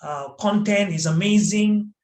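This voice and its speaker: A man with a Malaysian English accent giving an online training talk, animated and emphatic, asking his audience questions as he goes. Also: high-pitched, measured pace. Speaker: corporate trainer. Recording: roomy echo.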